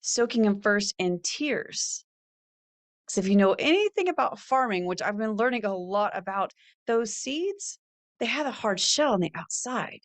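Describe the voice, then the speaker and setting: A woman's voice: medium pitch, lively intonation, unhurried. A middle-aged woman hosting a faith-based podcast, talking earnestly and reading scripture aloud. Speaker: podcast host. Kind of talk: faith-based motivational talk.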